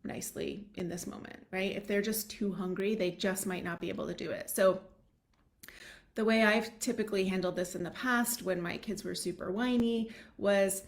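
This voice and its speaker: A woman's voice: mid-range voice, fairly even intonation, moderate pace. A woman parenting coach giving casual advice to parents, straight to camera, often checking in with "right?". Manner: conversational, checks in with the listener with "right?". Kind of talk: direct-to-camera advice vlog.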